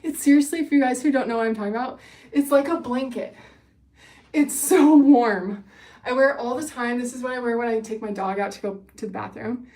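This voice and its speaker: A woman's voice: fairly high pitch, fairly quick, darkish tone, recorded from a distance. A young woman hosting a casual livestream, bubbly and gushing as she chats with viewers, a little winded. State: winded from running. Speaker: livestream host. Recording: echoey room, away from the mic.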